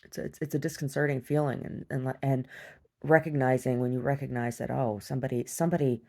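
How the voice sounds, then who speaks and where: Halting woman with a creaky voice. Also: rumbling low, fairly even intonation, darkish tone. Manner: halting, with many restarts and repeated words. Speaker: survivor sharing a personal story. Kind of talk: personal video diary, recounting a dream.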